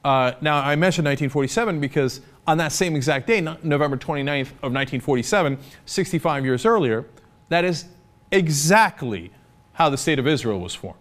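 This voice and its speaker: A man's voice: a little high, animated, brisk. A man giving impassioned, sarcastic political commentary, arguing his point hard. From United States.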